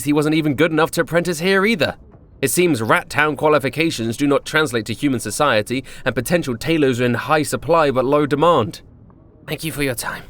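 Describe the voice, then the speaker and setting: A man's voice: mid-range voice, a bit bright. Man, storytelling narration, wry delivery, mid-range voice, tabletop game. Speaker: player narrating a character backstory.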